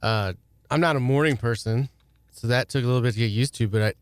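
A man's voice: medium pitch, fast, clean tone, no room sound. A young man, the show's producer, answering casually and easygoing. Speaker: show producer. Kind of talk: casual chat.

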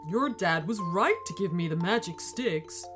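A woman voicing a kind, gentle magic snowman in a children's story. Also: lowish voice, lively intonation, unhurried, music in the background, pitched below the performer's own voice. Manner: gentle, reassuring. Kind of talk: storybook character voice.

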